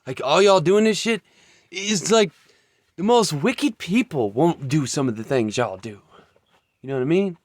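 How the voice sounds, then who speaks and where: A man's voice: fairly high pitch, expressive, unhurried, no room sound. A man giving a blunt, profane, heated monologue as a vlogger. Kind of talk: ranting monologue.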